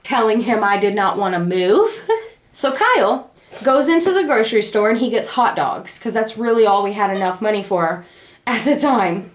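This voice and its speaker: A young woman casually telling her family the story of a birth, acting out the quoted lines. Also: normal speed. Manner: animated, acts out the quoted lines in a high voice. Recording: echoey room.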